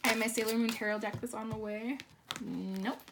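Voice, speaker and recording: A woman giving a casual tarot reading, excitable and swearing, breaking into shrieks and laughter. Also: a little high, a little fast, background noise. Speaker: tarot reader.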